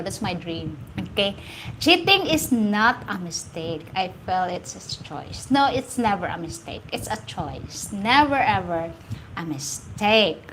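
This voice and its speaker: A woman with a Filipino accent hosts a casual live stream and answers viewer comments in a chatty, teasing way. She laughs often and circles back over her own phrases. Her pitch sits mid-range, and there is faint ambient noise behind her. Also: poor audio. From Philippines. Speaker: livestream host.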